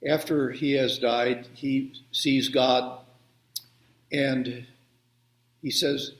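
Male pastor, gentle unhurried sermon storytelling, echoey video-call sound. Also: medium pitch, steady tone. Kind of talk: children's sermon and prayer. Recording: roomy echo.

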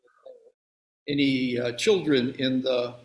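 A male pastor giving a gentle, unhurried children's sermon and prayer over a video call. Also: medium pitch, steady tone. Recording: roomy echo.

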